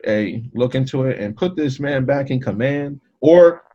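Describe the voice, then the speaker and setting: A man's voice: mid-range voice, measured pace. A man in casual chat who talks in slang and fills with "you know". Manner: animated, slangy, says "you know" often. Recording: dull lo-fi mic.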